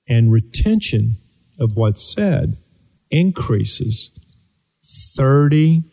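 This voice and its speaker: A man's voice: mid-range voice, a little mellow. Earnest motivational coach, a man. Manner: earnest coaching, rhetorical questions, slows down with deliberate pauses. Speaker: host and performance coach. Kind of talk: motivational talk show.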